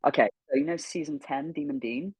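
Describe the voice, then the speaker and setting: A man, a guest voice actor, telling a lively personal anecdote on an interview stream, swearing freely and acting out the dialogue. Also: on the high side, a little fast, slightly rough, no room sound, poor audio. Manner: animated, swears freely, acts out quoted dialogue. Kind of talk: storytelling anecdote.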